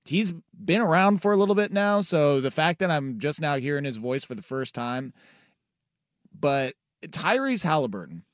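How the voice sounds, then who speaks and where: Sports radio host, man, slightly high voice, joking and rambling, close dry studio mic. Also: animated, normal speed, no echo. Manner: playful, laughs often, many fillers. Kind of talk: casual radio banter.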